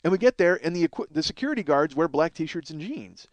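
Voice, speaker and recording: A man's voice: on the high side, expressive, fast talker. A man telling a rambling, profane story as a podcast host, acting out what others said. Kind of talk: casual storytelling monologue.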